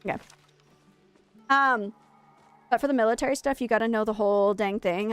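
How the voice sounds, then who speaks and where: A woman's voice: mid-range voice, level tone, normal speed, pauses often, smooth, faint music behind. A young woman streamer chatting casually while gaming, telling a rambling, self-mocking story.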